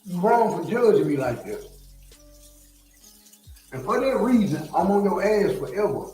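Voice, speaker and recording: A man's voice: sits high, animated, a little slow, mellow, recorded from a distance. A man with a Southern US accent ranting on a live stream, profane and heated, repeating himself as he goes. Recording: echoey room, from off mic, faint music.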